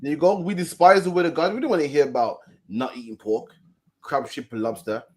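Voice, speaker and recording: A man delivering a preachy religious monologue in an informal, mocking way. His voice sits a little higher than average, and he keeps tagging his points with "man". He repeats his lines for emphasis. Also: a little fast. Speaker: street preacher. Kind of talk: religious street commentary.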